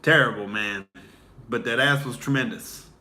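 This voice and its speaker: A man in his late twenties or thirties, a comedian hosting a livestream, telling crude, animated stand-up stories. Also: mid-range voice, moderate pace. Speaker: comedian, show host. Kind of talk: loose stand-up storytelling on a livestream.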